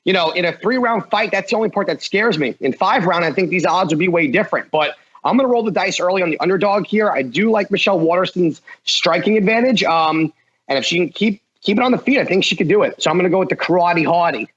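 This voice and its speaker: A man gives fight picks on a podcast, hedging and thinking aloud before committing. His voice sits a little high and has a husky edge, and the audio comes through dull and muffled. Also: fast, a bit bright. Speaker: guest picker. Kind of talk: casual betting picks.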